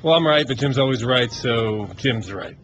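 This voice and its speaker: A man on a sports radio show's staff, flat and matter-of-fact as he sets the record straight. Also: medium pitch, normal speed, muffled recording, a little hiss or hum.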